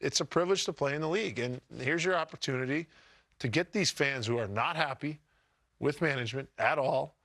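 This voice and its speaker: A man's voice: on the high side, brisk, a bit bright, no room sound. A man giving hockey analysis on a talk show, joking and emphatic, often leaning on "listen" to make his point. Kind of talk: casual sports talk show banter.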